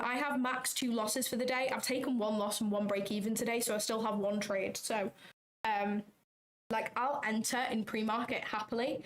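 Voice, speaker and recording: A talkative woman hosts a casual trading livestream, reading chat and thinking aloud about her trades. Her voice sits a little high, and she rambles in a loose, unscripted way with self-conscious asides.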